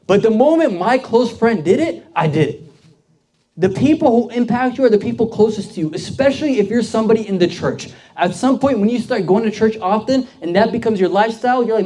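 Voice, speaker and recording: Casual young deacon with a mellow voice. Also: male voice, high-pitched, expressive, brisk. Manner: conversational, lots of "like" fillers, asks the audience questions. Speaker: deacon giving a youth sermon. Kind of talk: casual storytelling sermon.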